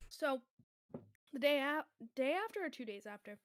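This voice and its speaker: A woman retelling a story in a casual podcast chat, rambling and animated, full of "like". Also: high-pitched, normal speed, slight background noise.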